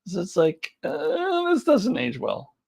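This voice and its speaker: A woman's voice: low voice, expressive, unhurried, darkish tone. A middle-aged woman hosting a casual live chat and answering comments. She rambles and giggles often, and she trails off with lots of fillers. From United States. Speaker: live-stream host.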